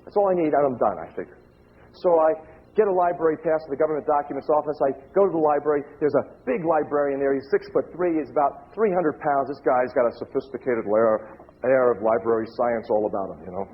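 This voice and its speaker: A man's voice: mid-range voice, quick pace, dull audio. Man telling a story over phone-thin sound. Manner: animated storyteller, acts out quoted voices. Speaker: lecturer. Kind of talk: storytelling speech to an audience.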